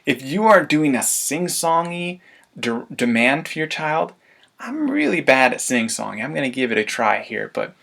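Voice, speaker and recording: A man giving a parenting webinar, lively and laughing often, acting out everyday demands parents make. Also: mid-range voice, normal speed, vocal fry. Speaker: parenting coach. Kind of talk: webinar presentation.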